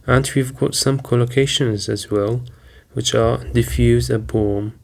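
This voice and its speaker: Slow, flat-voiced male teacher. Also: medium pitch, creaky. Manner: slow, deliberate, with frequent "um" fillers. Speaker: English teacher. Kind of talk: vocabulary lesson.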